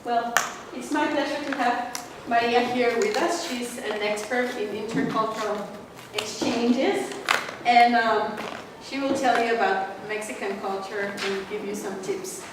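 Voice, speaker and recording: A woman's voice: fairly high pitch, fairly even intonation, unhurried, hardly any pauses, heavy reverb. Woman, event host, friendly, joking, distant mic, room noise. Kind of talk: introducing a speaker.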